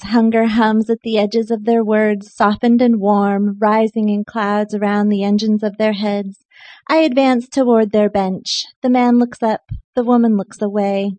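A woman poet giving a live poetry reading, expressive in her poems and soft and chatty in the asides between them. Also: a little high, no room sound. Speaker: featured poet. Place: poetry night venue.

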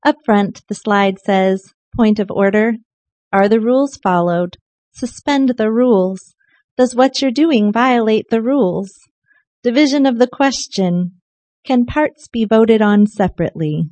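A woman poet reads her work aloud at a live poetry night, in a fairly high voice. The sound is dry, with almost no room echo. Between poems she drops into soft, casual asides. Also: measured pace. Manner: expressive reading with soft, chatty asides. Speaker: featured poet.

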